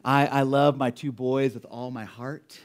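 A man in his thirties, a pastor giving a conversational sermon, earnest and warm, with a cough from a cold. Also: medium pitch, little pitch movement, unhurried. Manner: earnest and warm, speaking about his children. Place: church sanctuary.

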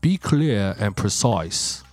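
A man putting on a pompous British accent to read self-help advice aloud slowly. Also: lowish voice, lively intonation, faint music behind. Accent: put-on British. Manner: slow, pompous reading.

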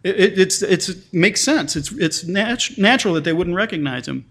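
A man's voice: high voice, lively intonation, normal speed, a bit bright. A male pastor preaching a sermon in a conversational way, often restarting and repeating words, and reading scripture passages aloud with lifted emphasis.

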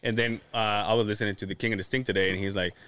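A man's voice: fairly low pitch, steady tone, very fast, bright, forceful tone, smooth. A man co-hosting a podcast, telling a story in casual chat, swearing and acting out the lines of the people in it. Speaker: podcast co-host.

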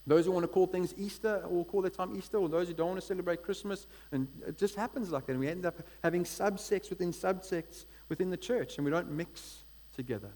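A man preaching a sermon in an energetic, conversational way, often checking in with the congregation. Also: high-pitched, a little fast, few pauses. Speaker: pastor.

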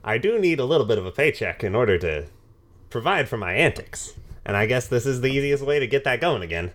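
A man's voice: mid-range voice, big pitch swings, fast, fairly bright tone. A man playing in a tabletop game, joking and slipping into a theatrical in-character voice. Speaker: player. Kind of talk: casual tabletop role-play.

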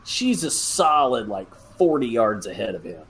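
Crude, joking man with a lively voice. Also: medium pitch, normal speed. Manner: crude, joking interjections, quotes characters. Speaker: podcast co-host. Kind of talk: casual chat recapping a movie.

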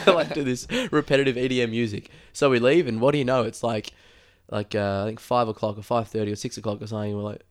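A man's voice: on the low side, fairly even intonation, a little fast, few pauses. A man telling a long story in casual chat, rambling with many fillers and acting out quoted lines. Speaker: podcast host telling a story.

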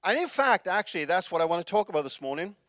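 A middle-aged pastor from Wales preaches in a relaxed, chatty style, laughing as he tells stories, packed with fillers and quick asides. His voice sits high for a man, and the recording is dry and close with no room sound.

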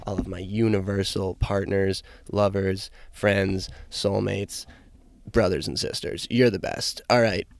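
A young man rambling casually and upbeat through a solo podcast, with plenty of fillers, and he is high. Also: level tone, measured pace, vocal fry. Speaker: podcast host.

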